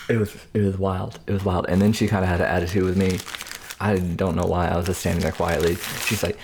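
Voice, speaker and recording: Gravelly low-voiced man chatting over food. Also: fast talker. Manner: slangy, animated storytelling between bites. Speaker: food vlogger. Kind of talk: casual mukbang chat.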